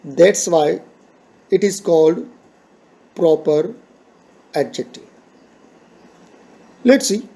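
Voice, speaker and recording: This is a high-pitched man, giving a grammar lesson. He speaks slowly and patiently, restating each rule in simple words. His voice is mellow and soft-edged. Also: gravelly. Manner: patient, repeats points slowly, simple explanatory phrasing. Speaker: teacher.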